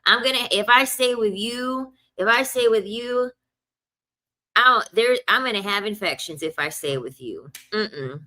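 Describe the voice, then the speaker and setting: A woman's voice: mid-range voice, lively intonation, a little slow, pushed and bright. A young woman telling a casual storytime rant, blunt and profane, repeating lines for emphasis. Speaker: vlogger.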